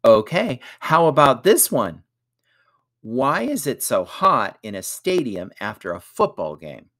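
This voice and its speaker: A man voicing an excitable young boy who loves telling jokes. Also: mid-range voice, a little slow, voice pushed up, heavily acted. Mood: excited. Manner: excitable, playful.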